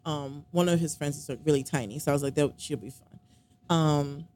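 Woman, casual storytelling, rambling with fillers, animated quoting, slightly low voice. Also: brisk. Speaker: storyteller recounting a relationship. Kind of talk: casual conversation.

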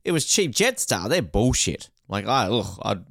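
A man's voice: medium pitch, moderate pace, vocal fry, no room sound, clean studio sound. A man with an Australian accent co-hosting a podcast in casual chat, joking and laughing often. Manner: jokey, laughs often, animated asides. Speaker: podcast co-host.

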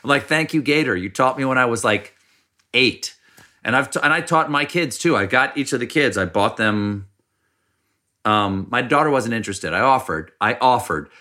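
Bright-voiced middle-aged man from South Carolina. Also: moderate pace. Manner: animated storyteller, mimics people in higher voice. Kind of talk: casual chat.

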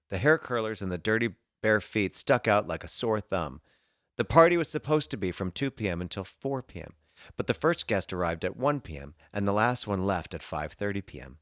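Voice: low voice, dry recording. A podcast co-host reading letters aloud and teasing in a dry, casual way.

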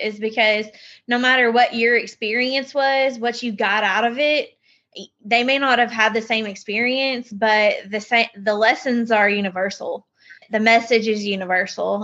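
A woman's voice: fairly high pitch, fairly even intonation, normal speed, a bit bright. Affirming woman on dull, muffled audio. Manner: affirming, reflective. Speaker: podcast co-host. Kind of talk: casual podcast chat.

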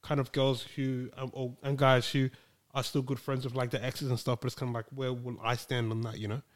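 A man's voice: mid-range voice, level tone, fairly quick. Young man, hesitant rambler, casual chat. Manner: rambling, hesitant, lots of fillers.

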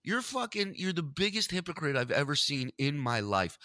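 A man hosting a podcast, telling a story in casual, profane, animated chat. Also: fairly high pitch, normal speed, hardly any pauses, no room sound, clean studio sound. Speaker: podcast host.

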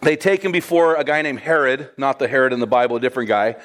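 Male preacher, casual and animated, talks straight to the congregation. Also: medium pitch, fast. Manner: lively, conversational, addresses listeners as guys. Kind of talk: sermon storytelling.

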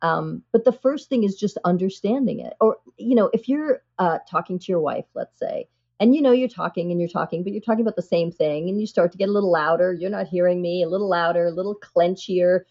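Low-voiced woman explaining earnestly, lo-fi. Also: fairly quick. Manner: earnest, animated explaining with frequent "you know". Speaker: psychiatrist guest. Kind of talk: explanatory interview talk.

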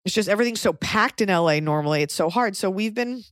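A woman's voice: mid-range voice, expressive, quick pace, dry recording, studio quality. A woman in her thirties, a comedian hosting a podcast, giving blunt, crude, rambling advice in casual chat.

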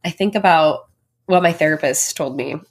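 A woman's voice: sits low, normal speed, slightly rough. A pregnant woman hosting her own podcast, talking in a heartfelt, reflective way, chatty and full of fillers. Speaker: podcast host. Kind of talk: personal solo podcast.

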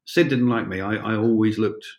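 Man, 60s, low-pitched, rambling, wry, storytelling interview guest. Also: moderate pace, darkish tone, highs cut off. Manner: rambling and wry, with many fillers and restarts. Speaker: interview guest, former police officer. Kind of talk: anecdotal storytelling.

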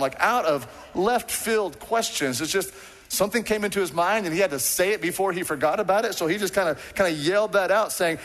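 A man preaching from the pulpit, his voice sitting a little higher than most. He moves between reading scripture and animated asides, acting out the characters he quotes. The sound rings out with the long reverb of a big sanctuary. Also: a little fast. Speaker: pastor. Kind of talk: sermon. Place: church sanctuary.

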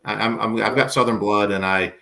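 A man's voice: lowish voice, fairly even intonation, fairly quick, vocal fry, bright, forceful tone. A man from Virginia, a podcast guest, rambling through casual chat with self-mocking jokes and stammered restarts. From Virginia, US South.

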